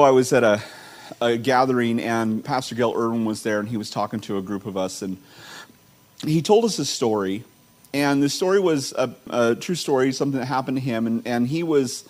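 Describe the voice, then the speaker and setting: A man's voice: mid-range voice, darkish tone. A man, a teaching pastor, reading scripture, praying and telling a story in a conversational sermon, often repeating words and restarting. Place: church sanctuary.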